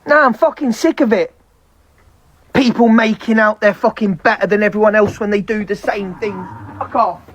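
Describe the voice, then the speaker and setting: A woman's voice: medium pitch, husky, muffled recording. A woman on a live stream, venting in a heated, profane rant. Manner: heavy swearing, fast heated ranting.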